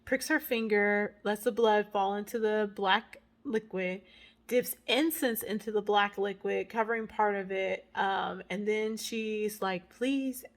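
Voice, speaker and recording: A woman recapping a movie plot in a casual, animated vlog with dramatic asides. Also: medium pitch, a little slow. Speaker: movie reviewer.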